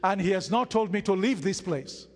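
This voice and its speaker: A man's voice: sits high, lively intonation, normal speed. A man preaching a sermon as pastor of his church, emphatic, repeating phrases and acting out quotes. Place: church hall. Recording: hall reverb.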